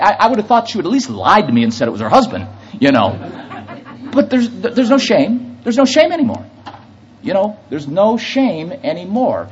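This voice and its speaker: A man's voice: high voice, wildly swooping pitch, a little fast, husky, highs cut off. A man preaching a sermon, telling an anecdote and then building to emphatic preaching. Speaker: pastor.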